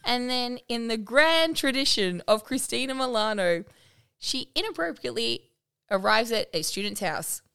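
A woman co-hosting a relaxed recap show, her voice bouncing up and down. She talks a bit high, laughs often, and slips into playful mock voices. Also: normal speed, creaky, clear, resonant tone. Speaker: podcast co-host, teacher. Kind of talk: casual recap chat.

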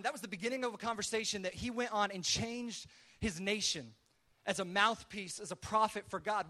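Brisk bright-voiced male pastor. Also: high-pitched. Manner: animated, acts out his own and others' quoted lines; conversational, many restarts. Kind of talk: sermon storytelling.

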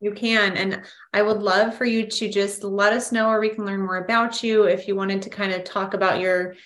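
A woman's voice: mid-range voice, flat delivery, normal speed, a bit bright. A woman hosting a podcast interview, wrapping up with effusive praise for her guest. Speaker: podcast host. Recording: roomy echo.

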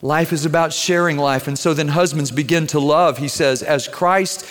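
A man's voice: a little high, fairly even intonation, normal speed, a bit bright. A pastor preaching a sermon in a conversational storytelling way, putting direct questions to his congregation. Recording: long hall reverb.

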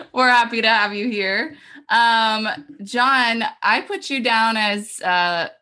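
A woman hosting a podcast table read, cheerful and quick to laugh. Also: fairly high pitch, bright, forceful tone. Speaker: host.

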